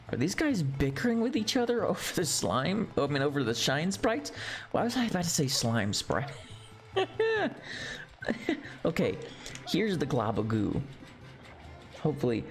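A male streamer talks casually through a classic game, cheering small wins and muttering to himself. His pitch is lively and animated, with game music faintly audible underneath. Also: measured pace, pauses often. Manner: excitable, chatty, easily delighted. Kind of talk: casual gameplay commentary.

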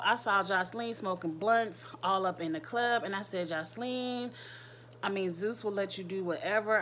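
A woman's voice: medium pitch, fairly bright tone. Brief: woman vlogger, AAVE, candid and gossipy, crude slang, faint noise behind. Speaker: reality TV recap vlogger. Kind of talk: casual recap commentary.

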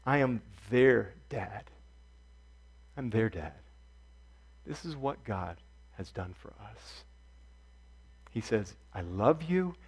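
A male pastor giving an earnest sermon, repeating key phrases and swinging from hushed, soft passages to loud emphatic ones. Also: on the low side, expressive, slow pace, pauses often, husky.

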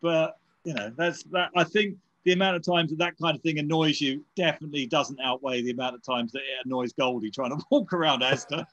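A man's voice: fairly high pitch, fairly even intonation, a little fast, fairly bright tone, dull audio, a little hiss or hum. A man in his fifties, interviewed as an electronic musician, talking in a rambling, casual way with lots of fillers and restarts. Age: 50s. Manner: rambling, many fillers and restarts, laughs while telling stories. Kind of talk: casual chat.

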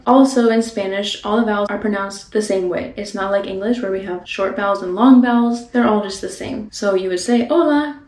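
A woman giving a casual beginner language lesson, patiently repeating phrases slowly and laughing lightly now and then. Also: mid-range voice, darkish tone. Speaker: language teacher. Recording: roomy echo.

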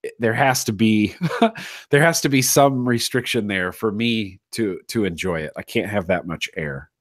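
A man's voice: on the low side, moderate pace, dry recording, studio quality. A man talking as a guest in a casual interview, enthusiastic and repeating phrases for emphasis. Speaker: guest, atomizer designer.

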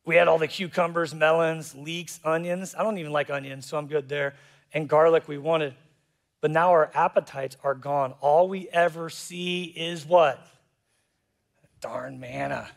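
A man preaching a sermon as pastor, animated and jokey, acting out voices in quotes. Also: fairly high pitch. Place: church auditorium.

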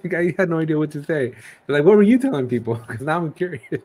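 A man hosting a casual interview, telling stories in a fast, excitable way. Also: fairly high pitch. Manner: fast, excitable storytelling with laughs. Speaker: host.

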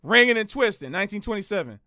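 A man, a jazz musician hosting a livestream, talking in a casual, slangy and animated way and repeating phrases for emphasis. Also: high voice, fast talker.

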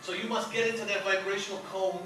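A man's voice: high voice, little pitch movement, quick pace, sharp tone, soft background music. A man playing a grandiose, mock-mystical psychic doctor in a live stage comedy bit. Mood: pompous. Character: pompous self-assured male psychic doctor. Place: stage before a live audience. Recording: echoey noisy room, mic far off.

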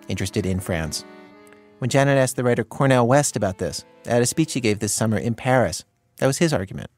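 A man hosting a radio documentary, reading scripted narration and asking measured, curious questions. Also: mid-range voice, darkish tone. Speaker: radio host.

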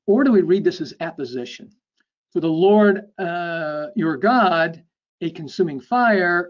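A man giving an academic lecture. He explains step by step, checks in with a frequent "okay?", and lets his phrase ends drop off softly. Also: on the high side. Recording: dull lo-fi lecture recording.

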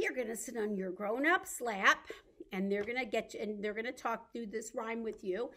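A woman's voice: on the high side, normal speed, pushed and bright. Sing-song storytime librarian woman. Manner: cheerful sing-song, coaxing young children. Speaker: children's librarian. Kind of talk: baby storytime with songs and rhymes.

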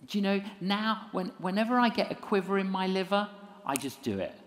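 A minister and evangelist tells a story during a lecture, animated and acting out voices with self-mocking humor. His voice sits high and he speaks fairly quickly.

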